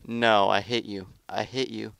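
A man giving live gameplay commentary as a gaming YouTuber, excitable, trash-talking opponents and grumbling about lag. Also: lowish voice, measured pace, vocal fry, smooth, dry recording.

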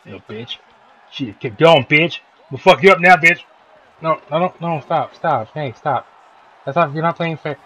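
A young man hosting a gaming video gives profane commentary on his own fighting-game match, loudly swearing and joking at the computer opponent. His voice is a little high and he speaks at normal speed.

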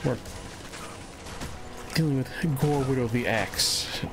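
A man giving relaxed, casual commentary as he plays a game on a live stream, muttering to himself as he goes. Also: medium pitch, slow, creaky. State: a little out of breath. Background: game music.

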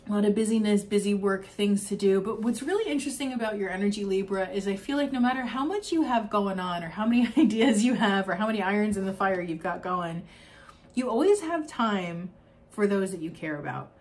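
Young woman, mid-pitched, doing a spiritual card reading; gushing, rambling, laughs a lot. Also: lively intonation, a little fast, a little mellow. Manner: effusive, rambling, with frequent laughs and fillers. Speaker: oracle card reader.

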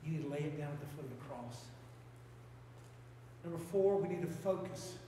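A man's voice: on the high side, a little fast, dark tone, far from the mic, slight background noise. A man with an Appalachian accent preaching a sermon as pastor, with fervent, repetitive exhortations. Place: church sanctuary. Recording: echoey church hall, mic from afar.

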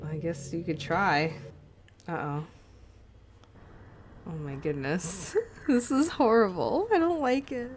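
A woman's voice: fairly low pitch, expressive, takes it slowly, long pauses, over music. A young woman playing a game and commenting on it, jumpy and nervous, often laughing. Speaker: let's play host.

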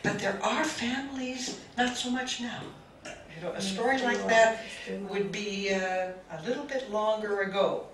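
A woman spiritual teacher telling a story to a group, speaking with halting restarts. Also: mid-range voice, a crowd in the background. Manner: slow, halting, with many restarts. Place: meeting room. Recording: roomy, distant mic, faint hiss.

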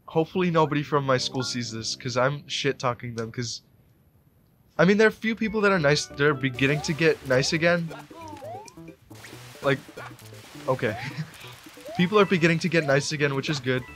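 A young man in his late teens rambles through let's play commentary, his voice sitting a little high. He breaks into sudden excited yelps now and then. Soft music plays faintly behind his close desk mic. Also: normal speed, pauses often. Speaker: gamer.

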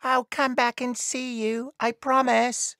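A woman voicing a young, homesick boy elf in a storybook reading, in slow, gentle delivery. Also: fairly high pitch, flat delivery, dry recording, pitched above the performer's own voice. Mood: wistful.

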